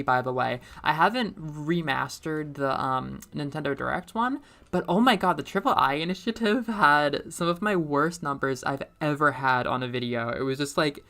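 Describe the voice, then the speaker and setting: A young woman streaming a game and chatting casually, rambling between topics, laughing often and getting suddenly loud when excited. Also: low-pitched. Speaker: streamer and middle school teacher. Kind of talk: casual chat while playing a game.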